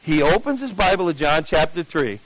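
A man telling his testimony to an audience, conversational and animated, acting out the dialogue with big swings in his voice. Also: fairly high pitch, moderate pace, a little hiss or hum, poor audio. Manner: conversational, with fillers and restarts. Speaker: speaker giving a testimony to an audience. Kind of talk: storytelling testimony.

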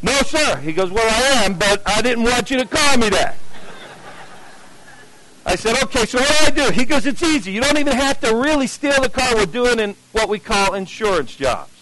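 Animated New man telling his story. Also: very high-pitched, normal speed, noisy background. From New Jersey. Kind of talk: testimony storytelling.

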